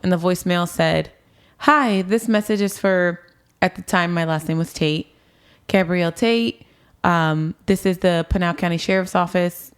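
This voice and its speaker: A woman's voice: fairly low pitch, normal speed, smooth. A woman in her twenties telling her personal story to an interviewer in a casual way, with lots of "like" and "um", acting out what people said. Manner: casual, frequent "like" and "um", acts out past dialogue.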